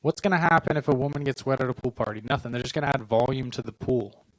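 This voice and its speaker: A man in his twenties performing a stand-up comedy set on a club stage, with a deadpan, self-deprecating delivery and short punchlines. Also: medium pitch, quick pace, no echo, rough recording. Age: 20s.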